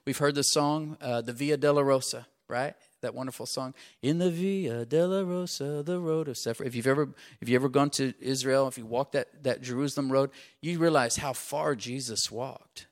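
Man preaching a lively sermon. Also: mid-range voice, moderate pace, hardly any pauses. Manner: call-and-response asides, punches key phrases. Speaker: pastor.

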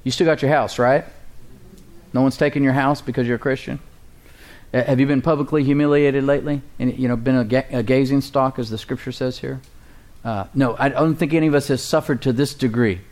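A man's voice: mid-range voice, steady tone, fairly quick, a little mellow. A man preaching a sermon as pastor, emphatic and full of rhetorical questions to the congregation. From United States.

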